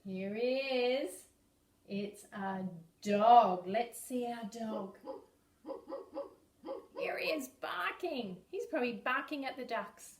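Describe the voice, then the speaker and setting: A woman with an Australian accent teaching young children animal sounds, slow and exaggerated, dropping to whispers between animal noises. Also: a little high, lively intonation, distant mic. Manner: slow, exaggerated, sing-song, drops to whispers. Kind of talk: early-years animal sounds lesson. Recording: echoey room, voice from off-mic.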